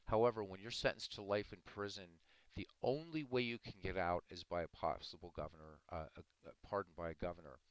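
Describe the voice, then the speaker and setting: A man's voice: low-pitched, brisk, hardly any pauses, dry recording, rough recording. A man hosting a live stream, earnestly arguing his views and answering viewers in chat by name. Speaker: livestream host talking to chat. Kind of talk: casual live-stream commentary.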